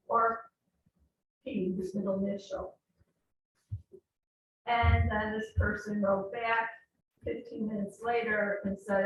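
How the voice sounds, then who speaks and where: A woman's voice: medium pitch, fairly bright tone, slight background noise. A woman with a Western New York accent telling a personal story as a club speaker, acting out the quoted dialogue. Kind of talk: storytelling speech. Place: meeting room. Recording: echoey room from far off.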